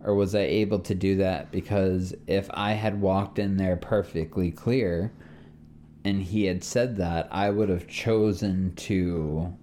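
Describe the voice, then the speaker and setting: Low mellow-voiced man, reflective podcast chat, faint hiss behind. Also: steady tone, a little slow. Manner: reflective, thinking aloud with restarts. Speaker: podcast co-host. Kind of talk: casual conversation.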